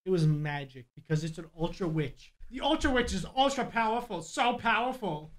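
Young guy with a high voice hyped up playing a game, laughing a lot, noisy mic with clicks in the back. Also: moderate pace. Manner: excitable, laughs often, yells at mobs. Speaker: gaming YouTuber. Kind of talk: Minecraft gameplay commentary.

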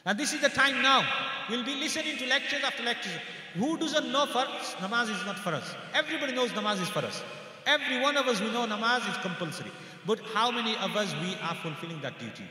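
A man delivers a rapid, exhorting sermon with a high, piercing brightness. He keeps his listeners engaged with question after question, repeats key phrases, and slips into brisk Arabic recitation. His voice carries from a distance through a large hall with long, booming echo. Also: animated. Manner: recites Arabic verses and hadith quickly. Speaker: mufti giving a graduation lecture. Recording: echoey hall, voice from a distant mic.

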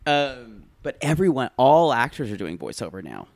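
A man's voice: medium pitch, big pitch swings, moderate pace, gravelly, dry recording. A man co-hosting a podcast in casual chat, wry and teasing, reading out quotes with relish. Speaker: podcast co-host.

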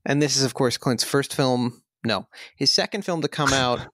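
A man's voice: mid-range voice, moderate pace, fairly bright tone, a little hiss or hum. A man hosting a film podcast, talking in a wry, rambling, jokey way. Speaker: podcast host. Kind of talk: casual film podcast chat.

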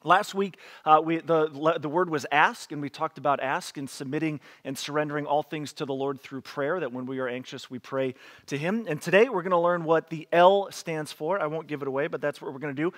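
A man's voice: fairly high pitch, a little fast, fairly bright tone. A man preaching a casual online sermon as pastor, chatty and joking, laughing between readings. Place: church, streamed online.

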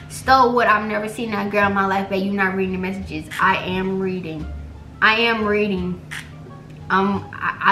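A woman's voice: a little high, bright, forceful tone. A young woman vlogging, chatting animatedly and dramatically to viewers in slangy casual talk while reading her texts aloud. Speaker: vlogger pranking her boyfriend. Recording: echoey room, faint music.

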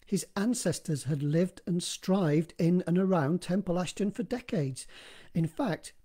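A man narrating his own horror story in a steady, measured reading, recorded in one live take. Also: high voice, husky.

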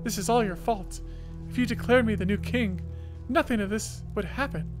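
A man voicing a scheming, treacherous young furbolg prince in a game, with a high strained whine. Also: moderate pace, natural voice. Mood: spiteful. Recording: game music behind.

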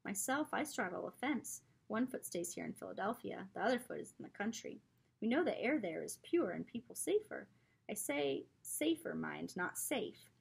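A woman reading aloud voices a wry, cautious gentleman. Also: high voice, very animated, moderate pace, creaky, slightly rough, exaggerated voice.

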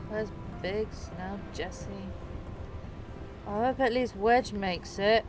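In a high voice and at a slow pace, a woman gives let's play commentary while streaming her game, swearing frequently, reacting emotionally, and laughing in between. Soft music plays underneath.

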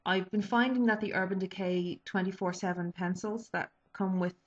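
A woman's voice: medium pitch, fairly even intonation, moderate pace, highs cut off. A woman chatting casually about her favourite makeup products in a vlog, with lots of ums and restarts. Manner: chatty, many fillers and restarts. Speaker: beauty vlogger.

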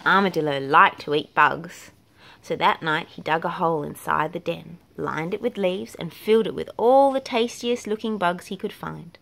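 Gravelly-edged woman reading a storybook aloud. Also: on the low side, moderate pace. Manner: gentle, expressive, dropping to a whisper at lulls. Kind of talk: reading a picture book aloud.

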